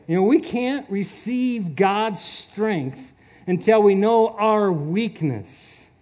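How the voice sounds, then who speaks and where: A man's voice: high-pitched, warm tone. A man preaching a sermon in an earnest way, chuckling often and repeating his words.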